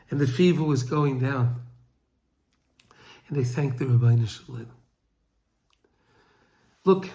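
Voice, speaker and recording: Male Torah teacher, high voice, emotional storytelling, stumbling repeats, acts out cries. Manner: emotional storyteller, repeats words and restarts, cries out quoted pleas.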